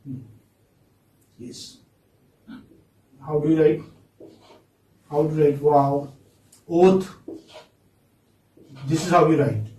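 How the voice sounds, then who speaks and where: The speaker is a male English teacher whose voice sits on the high side with a dark tone. Giving a phonetics lesson, he draws out his words slowly and coaxes the students with repeated questions, recorded from afar in an echoey classroom.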